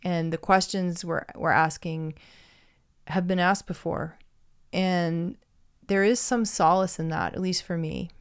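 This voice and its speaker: A woman's voice: lowish voice, fairly even intonation, measured pace, smooth. A woman casually retelling an old myth and reflecting on why stories matter, in a thoughtful way. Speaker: storyteller. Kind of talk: reflective storytelling monologue.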